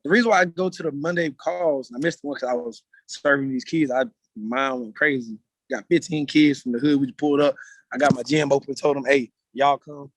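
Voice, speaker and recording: A man's voice: mid-range voice, brisk, dry recording. A man speaking casually on a video call, earnest and slangy, holding back emotion. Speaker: meeting guest speaker.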